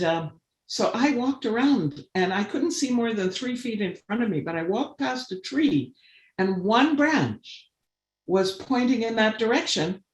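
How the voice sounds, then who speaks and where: Animated woman telling a story in an echoey room. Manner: animated storyteller, acts out quoted voices with big pitch jumps. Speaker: guest, artist and conservationist. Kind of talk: storytelling in a webinar interview.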